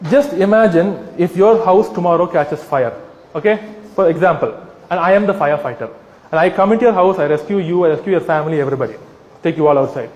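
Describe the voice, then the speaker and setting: Animated man in an echoey hall. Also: sits high, muffled recording. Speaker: speaker giving a talk. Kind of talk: humorous persuasive talk to a live audience. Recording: echoey hall with long reverb.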